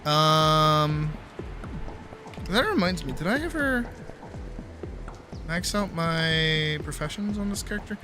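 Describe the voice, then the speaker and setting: A man's voice: on the high side, expressive, takes it slowly, long pauses, over music. A man chatting casually while streaming a game, playful and rambling, swearing now and then. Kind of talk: casual gaming livestream chat.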